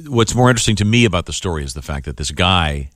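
A man's voice: low voice, animated, fast, a bit bright, dry recording, studio quality. A man hosting a radio talk show, chatting casually with many fillers and restarts. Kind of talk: casual on-air chat.

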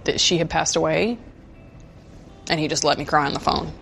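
A woman in an interview, speaking in a soft, subdued and shaken way. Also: deep voice, steady tone, moderate pace, gravelly, faint music behind. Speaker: interviewee, friend of the deceased. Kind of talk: emotional interview.

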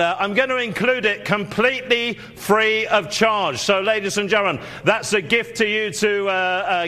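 A man calling a live auction, running through bids quickly with frequent fillers. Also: high voice, bright, forceful tone. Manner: rapid bid calling with many fillers.

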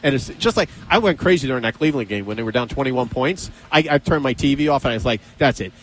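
A man hosting a radio show, chatting casually and excitedly about his team and thanking colleagues. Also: mid-range voice, quick pace. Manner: excitable, jokey sports fan. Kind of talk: casual studio banter.

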